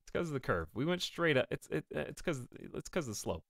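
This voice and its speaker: Lively, excitable male game streamer. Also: on the high side, fairly quick, gravelly, no echo, studio quality. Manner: excitable, reacting aloud and bantering with chat. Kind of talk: live game-stream commentary.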